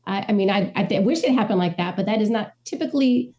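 A middle-aged woman from the American Midwest talks quickly in a relaxed interview. Her voice is mellow and dark rather than bright. She tells animated stories and acts out the voices of the people in them. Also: mid-range voice. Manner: animated storyteller, acts out quoted dialogue. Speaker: ghostwriter, interview guest. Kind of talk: conversational interview.

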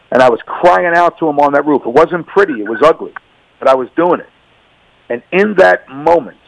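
Gravelly man giving earnest testimony. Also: mid-range voice, no echo, low-quality recording. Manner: earnest, emphatic, repeats words. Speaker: radio guest. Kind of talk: personal testimony.

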